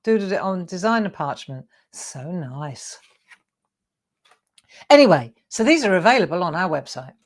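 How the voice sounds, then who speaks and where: Middle-aged woman, craft show host, lower pitch, chatty and self-mocking. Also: sing-song, normal speed, long pauses. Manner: chatty, self-deprecating, encouraging. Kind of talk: live craft demonstration.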